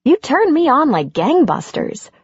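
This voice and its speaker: A woman reading an audiobook and voicing a playful, affectionate middle-aged woman, lifting her voice higher for her. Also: sing-song, measured pace, dry recording, highs cut off, full character voice. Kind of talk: audiobook character voice.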